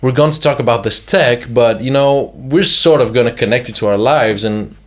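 A man's voice: medium pitch, moderate pace. Young man hedging in casual podcast chat. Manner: hedging, fills with "I mean" and "you know". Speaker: podcast co-host.

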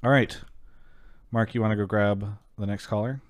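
A man hosting a call-in show, chatting casually and reading a sponsor spot, often trailing off quietly at the ends of sentences. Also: on the low side, normal speed, no echo. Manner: relaxed, rambling, trails off quietly at line ends.

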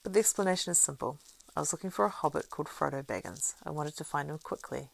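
A woman reading the part of a weathered male ranger, measured, wry and grave. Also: low-pitched, expressive, gravelly, full character voice.

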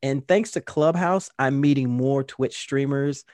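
A man's voice: medium pitch, a little slow, no echo. A man in his fifties co-hosting a podcast in casual chat, telling stories and acting out other people's lines. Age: 50s. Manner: animated storyteller acting out quotes. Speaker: podcast co-host.

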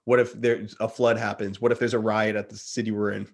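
Earnest man telling a story, low voice. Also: brisk, creaky. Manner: earnest, animated retelling, says dude a lot. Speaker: guest. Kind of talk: casual storytelling.

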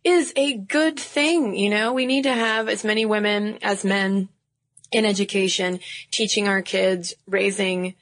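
A woman co-hosting a podcast in casual chat, animated and jokey, with quick asides. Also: mid-range voice, dry recording. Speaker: podcast co-host.

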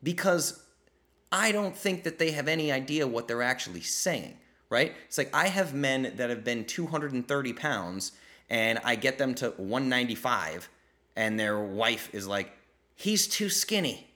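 Bright-voiced, fired-up man. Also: medium pitch, lively intonation, moderate pace. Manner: blunt, fired-up, swears for emphasis; mimics people in quoted voices. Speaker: podcast host answering listener questions. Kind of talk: live Q&A chat.

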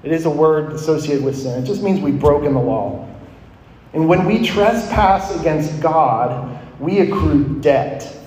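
Brief: thirties male preacher, slightly high voice, earnest sermon delivery, long hall reverb. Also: a little slow, darkish tone. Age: 30s. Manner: earnest, rising and falling, asks questions of listeners. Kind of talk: sermon to college students.

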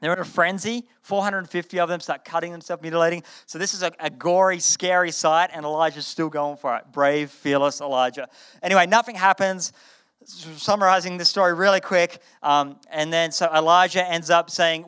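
A man preaching a sermon to a live audience, retelling a story in a conversational, animated way and often repeating his words. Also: a little high, brisk, clear, resonant tone.

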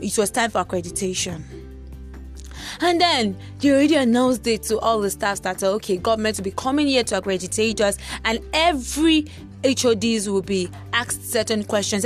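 A young woman telling a personal story as a motivational talk, acting out the voices of the people in it. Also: fairly high pitch. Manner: animated, acts out voices of others. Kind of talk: storytelling monologue. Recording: faint music behind.

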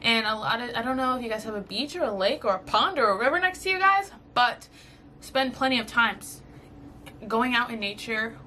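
A woman's voice: on the high side, expressive, moderate pace, pushed and bright, a little hiss or hum. A young woman from Southern California hosting a podcast, talking in a casual, earnest and emotional way about faith and getting through hard times, with many fillers and restarts. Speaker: podcast host. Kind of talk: casual faith-based advice talk.

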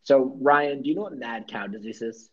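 A young man hosting a casual sports podcast, rambling through jokey theories and swearing freely. His voice is husky and slightly breathy. The recording sounds muffled and lo-fi. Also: medium pitch, normal speed. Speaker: podcast host.

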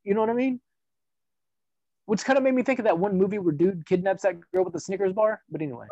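A man's voice: sits high, rapid-fire, dry recording. Profane rambling male storyteller. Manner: rambling, profane, animated retelling with quoted voices. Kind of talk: casual storytelling. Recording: dull dry audio.

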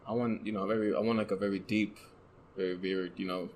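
A man with a soft voice, a photographer guest talking casually and hesitantly, often searching for words. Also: sits low, flat delivery, quick pace, a little hiss or hum, poor audio. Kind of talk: casual conversation.

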